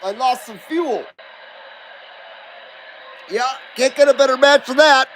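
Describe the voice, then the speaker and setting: A man's voice: very high voice, slow pace, a bit bright, slight background noise, rough recording. A man hosting a live stream in casual chat, reading viewer comments aloud and coughing now and then. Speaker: host.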